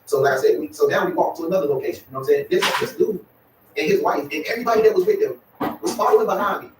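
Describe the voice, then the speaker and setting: A man's voice: high voice, animated, racing, reverberant, recorded from a distance, background noise. A man, talking casually to his viewers in a rambling way, full of "y'all" and "you know what I'm saying.". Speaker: vlogger.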